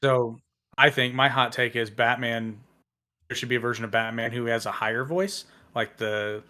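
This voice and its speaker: A man as a podcast guest in casual chat, joking with quick quips. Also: medium pitch, steady tone, bright, forceful tone.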